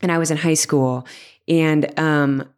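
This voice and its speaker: Low-voiced woman, rambling podcast guest. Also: steady tone, unhurried, clear, resonant tone. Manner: self-deprecating, rambling with many restarts. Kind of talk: casual interview chat.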